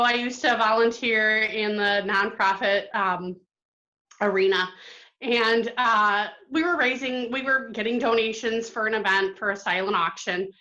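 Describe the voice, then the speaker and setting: A woman from Michigan calls in and tells her story in an excited, halting way, often stopping to restart her sentences. Her voice is bright and sits a little high. The audio is dull and lo-fi. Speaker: caller sharing a memory. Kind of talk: casual storytelling.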